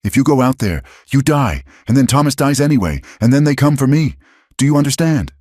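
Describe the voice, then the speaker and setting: A man's voice: extremely low pitch, fairly quick, a little mellow, breathy edge, dry recording, clean studio sound. A man voicing a fierce frontier woman in a western audio story, speaking with urgent command. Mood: desperate, pleading.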